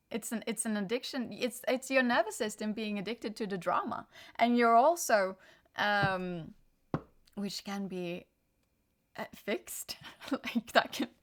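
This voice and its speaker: A young woman giving a casual tarot reading, rambling and interrupting herself with bursts of frustration. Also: a little high. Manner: rambling, self-interrupting, animated. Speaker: tarot reader.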